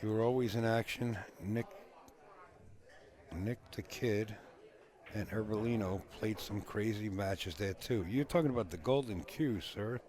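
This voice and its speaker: Chatty male pool commentator, low voice. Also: measured pace, a little mellow. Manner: chatty, reads viewer comments aloud. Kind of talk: casual live-stream commentary.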